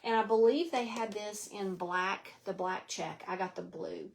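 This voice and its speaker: A woman's voice: mid-range voice, a little slow, gravelly. A middle-aged woman hosting a live craft stream from home, chatty and rambling, slightly out of breath. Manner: chatty, rambling, greets viewers by name. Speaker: craft show host.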